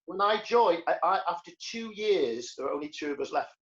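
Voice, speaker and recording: A man's voice: high-pitched, animated, fairly quick. Man in his sixties, lo-fi sound. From Liverpool, England. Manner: earnest, reflective, stammers into sentences. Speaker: guest, comedian and karateka. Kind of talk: casual conversational interview.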